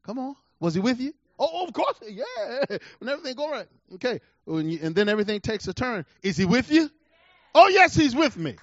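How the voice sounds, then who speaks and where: Man, middle-aged, preacher, sermon storytelling, high-pitched, emphatic, loud bursts and low asides, muffled lo-fi sound. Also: lively intonation, brisk, hardly any pauses, dry recording. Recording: dull lo-fi recording.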